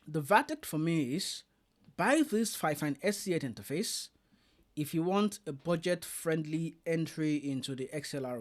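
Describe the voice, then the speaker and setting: Chatty man reviewing audio gear. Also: on the high side. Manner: chatty, demonstrating gear live. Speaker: tech reviewer. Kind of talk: casual product review.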